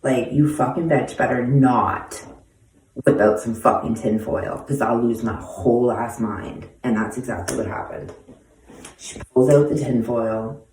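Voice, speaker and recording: A woman's voice: extremely low pitch, measured pace, a little mellow, a little hiss or hum. A woman in her forties speaks bluntly, swearing constantly and using street slang as she tells stories from her own life. She sits some way back from the microphone, so her voice sounds distant. The room around her is echoey. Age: 40s. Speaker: host answering viewer questions. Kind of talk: casual storytelling monologue. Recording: echoey room, voice far from mic.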